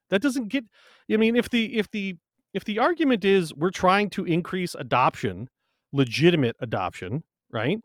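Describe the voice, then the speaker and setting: Animated, swearing man on a podcast. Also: high voice, normal speed, no echo, studio quality. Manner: animated, emphatic, swears freely. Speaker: podcast co-host. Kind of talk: casual chat.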